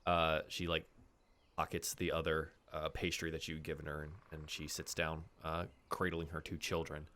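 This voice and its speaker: A man narrating as game master of a tabletop game, halting with many fillers. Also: rumbling low, completely flat delivery, a bit bright, a little hiss or hum.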